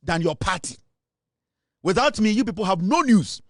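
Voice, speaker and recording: A man's voice: sits high, expressive, moderate pace, a bit bright, no echo, studio quality. A Ghanaian man hosting a political talk show, delivering a boastful, taunting monologue that mixes English and Twi.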